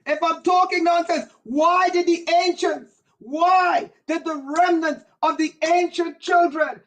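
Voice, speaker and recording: A woman with a very high voice preaches fervently on a livestream, her words drawn out slowly. She builds in repetitive waves and breaks into yelling as she goes. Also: steady tone, low-quality recording. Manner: impassioned, often yelling, repetitive preaching cadence. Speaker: spiritual teacher on a livestream. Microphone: livestream setup.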